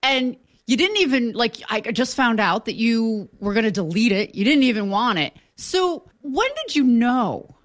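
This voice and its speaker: A woman's voice: fairly high pitch, lively intonation, normal speed, hardly any pauses. A woman hosting an interview show, chatting casually, joking and laughing often.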